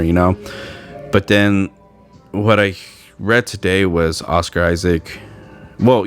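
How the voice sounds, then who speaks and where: A man with a very low voice hosting a podcast, thinking out loud in a loose, rambling way, circling back and restarting his sentences. Faint music plays behind him. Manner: rambling, conversational, with fillers and restarts. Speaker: podcast host. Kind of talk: casual podcast chat.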